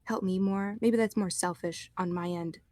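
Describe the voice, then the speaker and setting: A woman voicing an anxious young adventurer who talks haltingly, in a tabletop role-play. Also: on the low side, fairly even intonation, darkish tone, dry recording, natural voice. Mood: worried. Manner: hesitant, halting.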